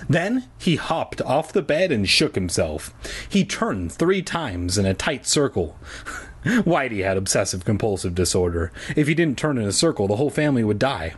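A man reading a children's spooky book aloud, with deadpan comic asides in between. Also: medium pitch, normal speed, husky. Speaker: comedic reader.

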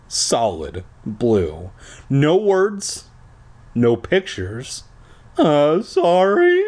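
Slow, lively man reading a kids' book. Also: medium pitch, husky. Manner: crude asides, exaggerated delivery. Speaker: reader. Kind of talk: comic reading of a children's book.

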